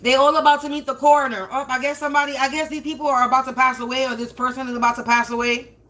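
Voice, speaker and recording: High, bright-voiced woman ranting on a livestream. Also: little pitch movement, very fast. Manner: heavy swearing, indignant, rambling with restarts and stutters. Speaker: spiritual reader, livestream host. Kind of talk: livestreamed tarot-style reading, profane rant.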